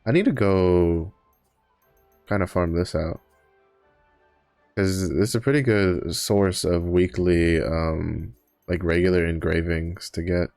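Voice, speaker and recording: A man streams a game in a slow, low voice with vocal fry and a slightly mellow quality, leaving long pauses. His casual, rambling talk is full of fillers and self-corrections, and he yawns, sounding tired. The recording is dry, with soft music underneath.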